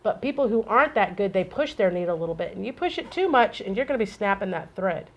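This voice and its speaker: A middle-aged woman co-hosting a casual chat, telling animated stories and acting out dialogue. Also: mid-range voice, quick pace, dull audio. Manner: animated storyteller, acts out dialogue. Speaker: co-host.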